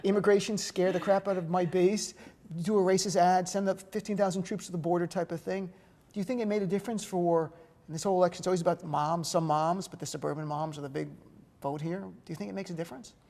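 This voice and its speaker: Middle-aged guy from north jersey, talks super fast, jokey political chat. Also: high voice, steady tone, darkish tone. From North Jersey, USA. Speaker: co-host. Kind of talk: political discussion.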